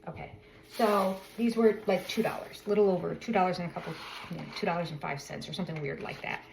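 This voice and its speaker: A woman's voice: lowish voice, steady tone, quick pace, vocal fry, darkish tone, a little hiss or hum, poor audio. A middle-aged woman chatting casually in a vlog, telling a rambling story and correcting herself as she goes. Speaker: vlogger. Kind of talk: casual chat.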